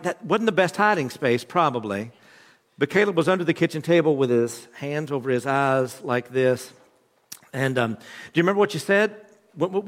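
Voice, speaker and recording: Joking pastor preaching in a reverberant hall. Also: male voice, fairly high pitch. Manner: conversational, joking storytelling. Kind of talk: sermon. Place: church hall.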